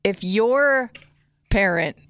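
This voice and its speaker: A man's voice: sits high, expressive, very slow, fairly bright tone, a little hiss or hum. A man co-hosting a radio show, speaking up with brief, easygoing remarks. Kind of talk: morning radio banter.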